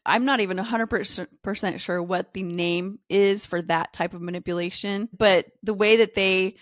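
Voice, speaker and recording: A woman's voice: medium pitch, steady tone, normal speed, dry recording, studio quality. A woman co-hosting a podcast, animatedly recounting family stories in casual chat. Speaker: podcast co-host.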